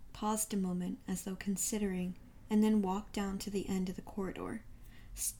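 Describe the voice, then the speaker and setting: A woman narrating a classic detective story in a measured reading voice. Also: mid-range voice, creaky, dark tone. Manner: measured storytelling read aloud. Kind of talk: audiobook narration.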